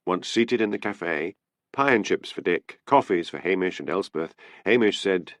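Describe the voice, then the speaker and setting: A man narrating an audiobook in an expressive, lively reading. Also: low voice, normal speed, no room sound. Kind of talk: scripted narration.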